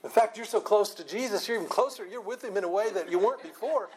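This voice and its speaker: A man teaching an informal Bible study. He is animated, often repeats and restarts words, and laughs a lot. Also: high-pitched, fast talker, slightly rough, poor audio.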